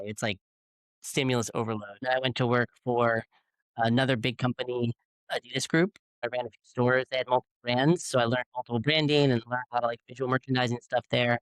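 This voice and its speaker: A man's voice: mid-range voice, a bit bright, smooth, dry recording, rough recording. Chatty middle-aged man telling stories. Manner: chatty, many fillers and restarts. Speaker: bagel shop founder speaking to students. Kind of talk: casual storytelling talk. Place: university classroom.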